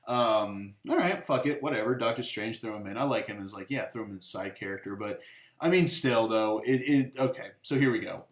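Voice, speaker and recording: A man's voice: on the low side, brisk. A man hosting a casual film review, rambling through the plot with many fillers and profanity. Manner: rambling, profane, full of fillers, acts out quotes. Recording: echoey room.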